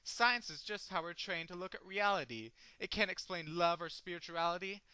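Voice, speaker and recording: A man's voice: on the high side, lively intonation, moderate pace, sharp tone, no room sound, heavily acted, rough recording. A man reciting a poem voices a smug new-age woman lecturing at a dinner party. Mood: insistent. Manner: earnest, lecturing, cliché-spouting.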